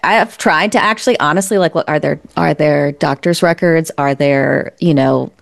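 A woman with a lowish voice and plenty of gravelly fry speaks as an interview guest. She talks in a candid, reflective way and often restarts her sentences. Her tone stays earnest throughout. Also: normal speed. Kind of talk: candid conversational storytelling.

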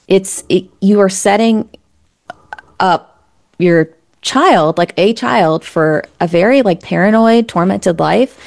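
A woman's voice: fairly low pitch, creaky, a little mellow. A woman speaking as an interview guest, telling her story in a candid, earnest and reflective way, often restarting her sentences.

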